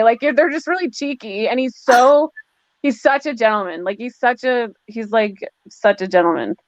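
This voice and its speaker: A woman's voice: fairly high pitch, expressive, measured pace, dry recording. A woman author chatting casually in a live video call, laughing often and acting out what others said. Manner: chatty, laughing, acts out quotes. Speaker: guest author. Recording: dull, lo-fi dry audio.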